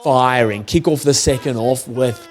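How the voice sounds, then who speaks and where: A man's voice: mid-range voice, measured pace. Young man, casual rugby review, enthusiastic, chatty, exclaims often. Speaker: rugby channel host.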